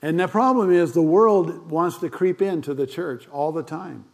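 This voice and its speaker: A man's voice: fairly high pitch, normal speed, vocal fry, a little mellow. An older man with grandchildren, a pastor giving a conversational sermon full of fillers and asides.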